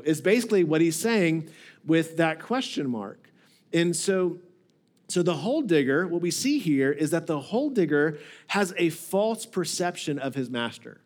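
A male pastor preaching a casual, conversational sermon with a notably high voice. He stumbles over repeated words and keeps checking in with the congregation through questions. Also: animated, normal speed. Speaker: lead pastor.

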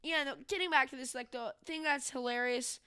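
A woman hosts a casual political talk show, ranting with a sarcastic edge. Her voice is bright and forceful, and the tone is smooth and clear. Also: high-pitched, fairly even intonation, a little fast. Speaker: podcast host.

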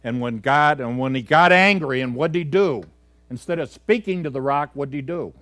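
A male pastor delivers a sermon in a church, his voice sitting at an ordinary middle pitch. He moves from loud, pressing exhortation to soft, low-spoken asides, with casual fillers and restarts along the way. The sound is dry and close, with little room echo. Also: fairly quick. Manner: swings between loud emphatic exhortation and quiet low asides; conversational, with fillers and self-corrections.

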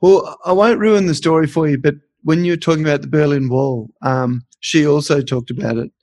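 Gravelly man, reflective. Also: a little high, steady tone, fairly quick, a little mellow, no room sound. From Australia. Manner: reflective, storytelling. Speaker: podcast host. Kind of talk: casual podcast conversation.

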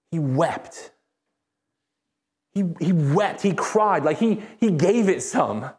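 A man preaching a sermon as a pastor, speaking conversationally and emphatically, with repeated phrases and animated rises. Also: fairly high pitch, slow pace. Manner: animated, rises sharply when excited. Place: church.

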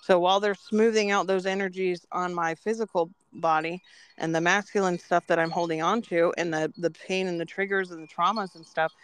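Smooth-voiced woman telling rambling stories. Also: lowish voice, fairly even intonation, brisk. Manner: rambling, earnest storytelling with frequent ums. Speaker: podcast co-host. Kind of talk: casual podcast chat.

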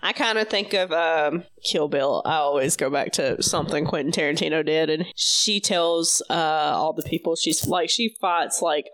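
A woman's voice: deep voice, moderate pace, hardly any pauses, a bit bright, poor audio. A woman co-hosting a casual book podcast, rambling, swearing and saying "like" a lot. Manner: rambling, full of "like", swears and laughs. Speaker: podcast co-host.

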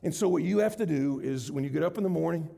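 A middle-aged man preaching a sermon, building to loud, emphatic, high-pitched stretches. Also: fast, creaky, in a large hall. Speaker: pastor.

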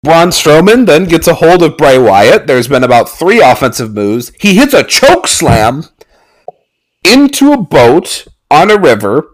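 Sarcastic man recapping with animated pitch. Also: a little slow, poor audio. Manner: sarcastic, mock-excited outbursts. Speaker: podcast host recapping a wrestling match.

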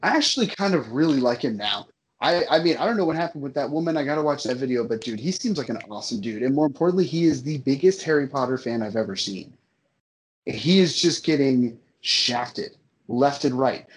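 A man's voice: medium pitch, animated, fairly quick, a little hiss or hum. A man ranting in casual talk about a movie he disliked, emphatic and profane, often repeating himself for effect. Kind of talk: casual movie-review rant.

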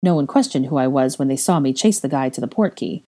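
A woman's voice: very deep voice, lively intonation, fast talker, warm tone, exaggerated voice. A woman reading the lines of a reckless, cocky young man in a fan fiction audiobook. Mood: boastful.

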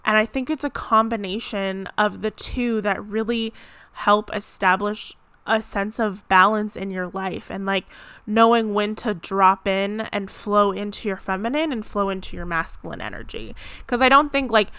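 A woman's voice: medium pitch, moderate pace, sharp tone, clear, resonant tone, no echo. A woman vlogging in a casual, rambling chat, with lots of "like" fillers and self-corrections. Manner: chatty, rambling, frequent "like" fillers. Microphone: close mic.

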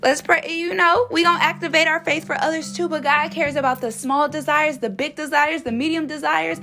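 A woman's voice: high-pitched, fairly even intonation, a little fast, bright, forceful tone, soft background music. A woman hosting a faith podcast, encouraging listeners in casual, slangy speech, then praying with fervent, repeated appeals. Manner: fervent, repetitive prayer cadence. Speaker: podcast host. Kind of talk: faith podcast devotional and prayer.

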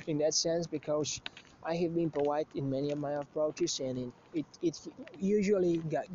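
A man's voice: fairly high pitch, a little mellow, a little hiss or hum. A man telling a story in a casual monologue, crude and profane, rambling with many restarts. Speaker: show host. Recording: slightly muffled lo-fi recording.

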